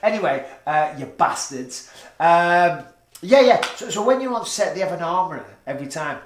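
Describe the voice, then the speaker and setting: A man's voice: a little high, sing-song, moderate pace, roomy sound, a little hiss or hum. A man hosting a podcast, chatting casually, joking and swearing a lot. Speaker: podcast host. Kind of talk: casual chat. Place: studio room with lighting setup.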